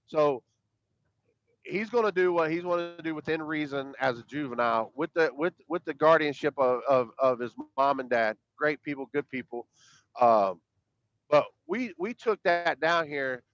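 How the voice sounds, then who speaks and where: A man's voice: fairly high pitch, lively intonation, normal speed, a bit bright, no room sound. A man, co-hosting a podcast in casual, rambling chat, emphatic and profane, often repeating his words. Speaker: podcast co-host. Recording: dull, dry lo-fi sound.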